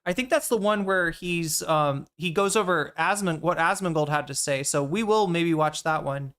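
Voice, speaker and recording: A woman's voice: fairly low pitch, moderate pace, a bit bright. A woman streamer chatting casually while reacting to a video, rambling and talking to her chat.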